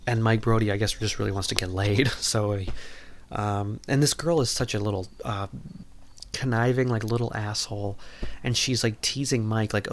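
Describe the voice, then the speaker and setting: A man with a fairly low voice hosts a podcast and recaps a movie in a loose, casual way. He rambles along, packing his sentences with "like" and "you know". His tone stays jokey and irreverent. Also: moderate pace, a little hiss or hum. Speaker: podcast host.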